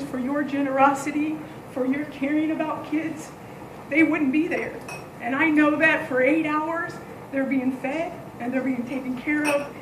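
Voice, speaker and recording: A woman who leads a day camp gives a candid, animated thank-you speech built around a story. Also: sits high, echoey room, slight background noise, rough recording. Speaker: day camp and child care leader.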